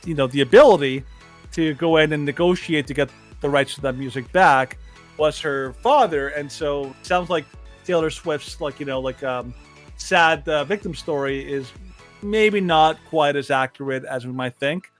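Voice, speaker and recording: A man's voice: a little high, moderate pace, faint music behind. A man co-hosting a podcast, chatting casually and rambling with lots of filler words. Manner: rambling, heavy on fillers like "like, you know". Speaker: podcast co-host. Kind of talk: casual chat.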